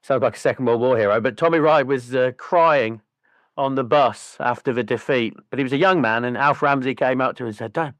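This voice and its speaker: A man's voice: medium pitch, a little fast, no echo. A man, co-hosting a podcast and telling stories in casual chat, swearing freely and doing voices. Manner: lively, profane storyteller doing voices. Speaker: podcast co-host.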